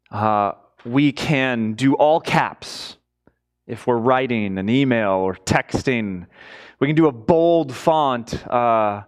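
A man preaching a sermon, emphatic, rising high on key words and dropping low and quiet between them.

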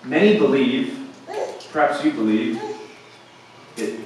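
Man, pastor, sermon, slow deliberate delivery, emphatic swells, echoey church hall, distant mic. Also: mid-range voice, animated, a little hiss or hum. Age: young adult to middle-aged, father of boys. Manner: slow, rising to emphatic peaks then dropping quiet.

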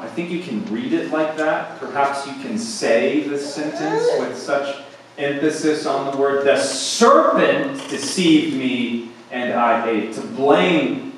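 A man preaching a sermon as pastor, slow and deliberate, swelling to emphatic peaks and then dropping quiet. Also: mid-range voice, slight background noise. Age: young adult to middle-aged, father of boys. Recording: echoey hall, speaker far from mic.

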